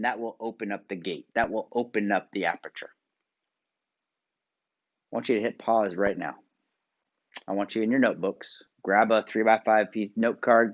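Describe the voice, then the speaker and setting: An American workshop presenter with a lowish voice gives a motivational video talk, coaching viewers through exercises with direct instructions. He shifts from loud emphasis to quiet asides, and the recording sounds dull and lo-fi.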